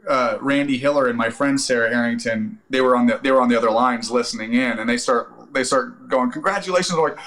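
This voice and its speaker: A man, an actor and army veteran, telling a lively story as a podcast guest, casual and profane, with many fillers. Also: mid-range voice, brisk, few pauses, low-quality recording.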